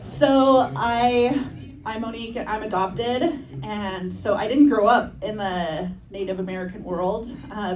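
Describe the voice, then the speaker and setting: A woman's voice: mid-range voice, echoey room, a little hiss or hum. Chatty woman comic laughing through jokes. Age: 30s. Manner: chatty, self-deprecating, laughs through her lines. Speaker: stand-up comedian. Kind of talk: stand-up comedy set. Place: comedy show stage on a campus, indoors. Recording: distant stage mic with loud audience laughter. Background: audience laughing.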